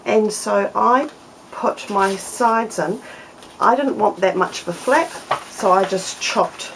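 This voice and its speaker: A woman's voice: medium pitch, slow pace, creaky, background noise. A woman hosting a casual papercraft tutorial, explaining each step in a chatty way with fillers.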